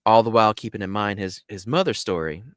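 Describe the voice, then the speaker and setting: A man's voice: fast, no room sound, studio quality. A man casually retelling a story as a podcast host, loose and chatty, full of "like" and "you know". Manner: animated, acts out others' lines in squeaky high voices.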